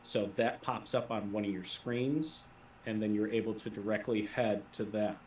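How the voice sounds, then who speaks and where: A man's voice: fairly low pitch, steady tone, normal speed, darkish tone, slight background noise. A man acting as game master, describing the scene and calling for dice rolls in a tabletop role-playing game. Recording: echoey room, voice from a distant mic.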